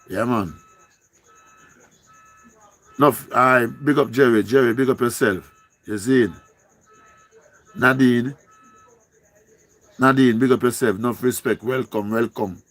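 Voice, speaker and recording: A man's voice: medium pitch, measured pace, long pauses, fairly bright tone. A man with a Jamaican accent hosting a casual live stream, pleading and repeating himself in singsong calls.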